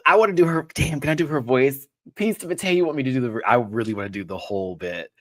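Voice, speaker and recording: A man hosts a live reaction stream and talks straight to his chat. His voice swoops up and down a lot, and he keeps laughing and cutting in with quick asides. His pitch sits in the middle for a man. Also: no room sound, studio quality. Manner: animated, laughs often, breaks into bits and quick asides. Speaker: host reviewing a reality show live.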